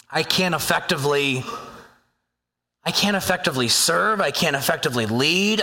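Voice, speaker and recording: A man preaching a sermon as a pastor, talking in a conversational, animated way and acting out inner voices. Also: on the high side. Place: church sanctuary. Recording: long hall reverb.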